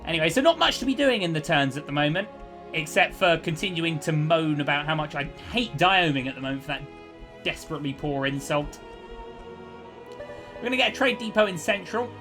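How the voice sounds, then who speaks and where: Bright-voiced chatty man commentating a game. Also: fairly high pitch, lively intonation, brisk, soft background music. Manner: chatty, cheerful, thinks aloud. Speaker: let's play host. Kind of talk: casual gameplay commentary.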